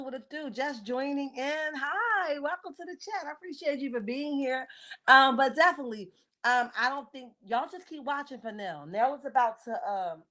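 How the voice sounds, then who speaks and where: A woman in her forties hosts a solo livestream, speaking close to her mic at a medium pitch. Her delivery is blunt and sassy. She keeps tagging her points with "okay?" and greets viewers as they drop in. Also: fairly bright tone. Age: 40s. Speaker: livestream host. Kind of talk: casual live-chat commentary on reality TV.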